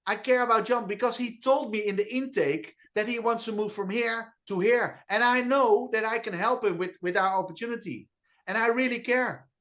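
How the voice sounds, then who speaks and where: A man with a Dutch accent, unusually high-pitched for a man, speaks with eager enthusiasm on a video call. He hammers home key phrases over and over, tripping over quick restarts as he pushes his team. He sounds like a trainer fired up about his message. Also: fairly bright tone. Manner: enthusiastic, repetitive, with restarts and stutters. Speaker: network marketing trainer. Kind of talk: energetic online training talk.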